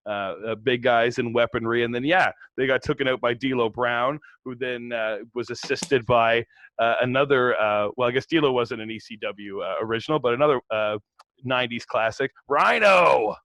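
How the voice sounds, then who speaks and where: A man's voice: medium pitch, fairly even intonation, moderate pace, a bit bright, no echo. A man co-hosting a podcast, chatting casually and recapping a wrestling show with plenty of fillers and easy laughs. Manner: laid-back, lots of fillers and laughs. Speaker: podcast co-host.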